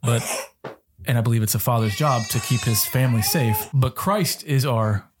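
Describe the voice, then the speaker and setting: A man's voice: medium pitch, moderate pace, over music. A middle-aged man co-hosting a casual faith-based parenting chat, earnest and a little preachy with joking asides. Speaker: podcast co-host.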